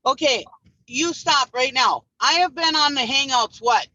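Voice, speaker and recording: A woman's voice: high voice, measured pace, bright, forceful tone, highs cut off. A woman teasing a friend in a casual group video call. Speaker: hangout participant.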